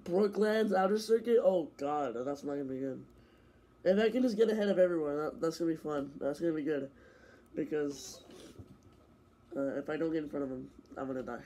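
Over a faint recording hiss, a young man streams a racing game, his high voice strained and fading as he comments live at a slightly quick pace. He gripes at rival players and breaks into bursts of excited shouting.

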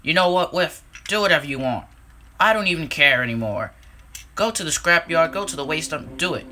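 A man's voice: on the high side, brisk. A man voicing an impatient, grumbling male engine who whines and cries out in a storybook reading. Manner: whiny, excitable cries.

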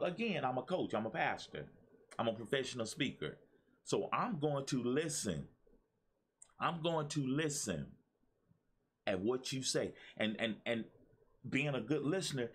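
A man's voice: mid-range voice, big pitch swings, a little slow, fairly bright tone, breathy edge. A man, a pastor and motivational speaker, giving a preachy talk to his viewers, repeating himself and calling out to the audience. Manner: preachy, repetitive, calls on the audience.

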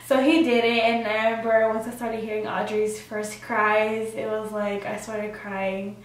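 A woman's voice: fairly high pitch, little pitch movement, normal speed, very echoey, far from the mic, rough recording. A young woman vlogger telling her personal story in a chatty way, with lots of fillers and acted-out quotes. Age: young adult.

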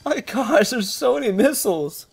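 An excitable gamer narrates a shooter match with jokey commentary. The voice sits mid-pitch but jumps sharply upward when yelling at other players, and the delivery swings between quick mutters and loud outbursts. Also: vocal fry, slightly rough. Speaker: gaming commentator. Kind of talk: gameplay commentary.

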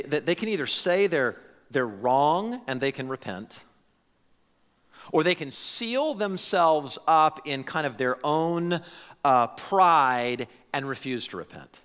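An animated male pastor preaching in a loose, conversational style, his voice sitting a little high and swinging widely up and down. His tone is bright and forceful, and he often restarts and doubles up his words. The sound rings out in a church hall with a long reverb. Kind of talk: conversational sermon. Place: church sanctuary.

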